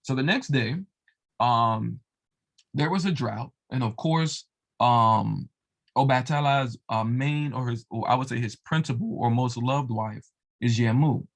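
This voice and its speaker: Speaking a little slowly in a gravelly, mid-range voice, a man who tells religious tales relates a devotional folk story. His casual telling is loose and packed with fillers and asides.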